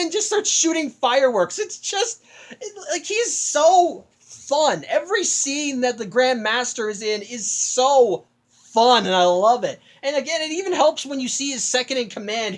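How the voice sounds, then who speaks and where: A woman giving a casual, rambling, enthusiastic film review with many restarts. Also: fairly high pitch.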